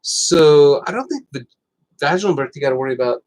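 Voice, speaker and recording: Rambling, animated male health show host. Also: fairly high pitch, brisk, poor audio. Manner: rambling, animated storytelling with fillers. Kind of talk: casual health talk.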